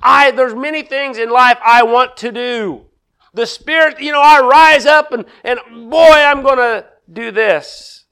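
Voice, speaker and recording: A middle-aged male pastor preaching a sermon, acting out quoted lines with big swings in loudness. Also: very high-pitched, a little slow, clean tone.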